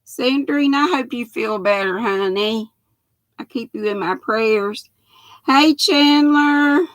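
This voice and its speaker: An older Southern woman from North Carolina hosts a casual livestream in a slightly high voice at a slow pace, with no room sound. She chats in a folksy way and greets viewers one by one by name.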